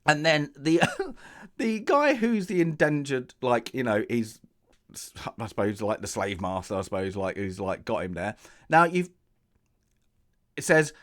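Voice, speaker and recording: A man's voice: mid-range voice, unhurried, pauses often. A man casually reviewing a film, sarcastic and jokey, acting out characters' lines as he goes. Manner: animated, acts out characters' lines.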